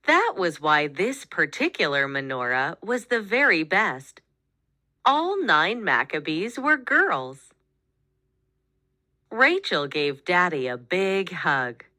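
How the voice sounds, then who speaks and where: A woman reading a children's picture book aloud, with expressive, animated storytelling. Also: lowish voice, takes it slowly, no room sound, clean studio sound. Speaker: storybook reader.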